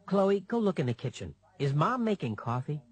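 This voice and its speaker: A man's voice: fairly high pitch, very animated, normal speed, slightly rough. A man playing a cheerful father in a scripted textbook dialogue, upbeat and friendly.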